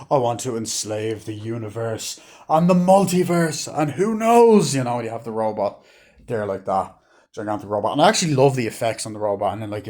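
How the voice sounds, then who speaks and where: A man's voice: lowish voice, darkish tone. A man casually reviewing a movie, rambling with lots of fillers and acting out lines from scenes.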